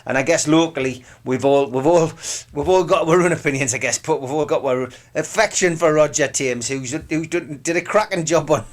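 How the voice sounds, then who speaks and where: A man's voice: a little high, normal speed, few pauses. A man, co-hosting a casual football chat show in a rambling, restart-filled way. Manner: rambling, many restarts, nostalgic. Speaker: radio co-host. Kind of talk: casual sports banter.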